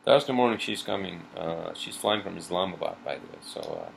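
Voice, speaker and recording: Low gravelly guy ranting on his podcast, lots of swearing and rambling, faint room noise. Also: animated, a little fast. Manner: rambling, swearing, venting in frustration. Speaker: podcast host. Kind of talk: informal video podcast chat.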